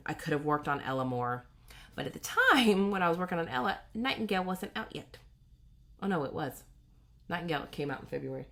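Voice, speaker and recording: Very low, gravelly-voiced woman. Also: a bit bright. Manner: rambling, self-correcting, acts out quoted voices. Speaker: cross-stitch vlogger. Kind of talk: casual personal storytelling.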